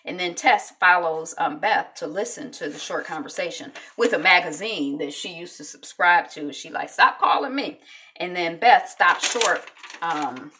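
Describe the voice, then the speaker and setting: A woman casually recapping a TV episode, animated, acting out characters with many fillers. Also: fairly low pitch, normal speed, a little hiss or hum. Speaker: TV recap vlogger.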